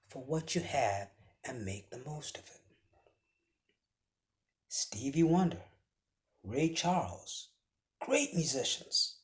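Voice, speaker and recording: A man giving a motivational speech with a preaching cadence, often dropping his voice to a hushed whisper for emphasis. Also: fairly high pitch, very animated, takes it slowly, long pauses. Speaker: motivational speaker.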